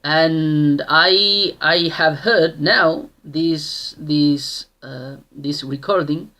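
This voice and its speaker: Man in his thirties, slow and halting, lots of restarts. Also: fairly high pitch, sharp tone. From Australia. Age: 30s. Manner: slow and halting, with many restarts and tag questions. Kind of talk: casual personal storytelling.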